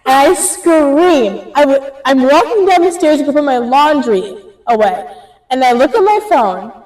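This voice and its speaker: Teen girl, high voice, rambling and filler-heavy, a bit off-mic in a roomy space. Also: moderate pace, recorded from a distance. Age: teens. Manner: rambling, filler-heavy, speeds up when excited. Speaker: co-host telling a story. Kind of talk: casual storytelling chat. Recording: echoey room, a bit off-mic.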